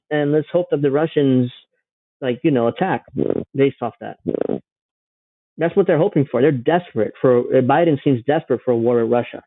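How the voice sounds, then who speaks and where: A man's voice: on the high side, fairly quick, no echo, phone-quality sound. A man hosting a livestream, giving sarcastic, rambling political commentary. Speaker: livestream host.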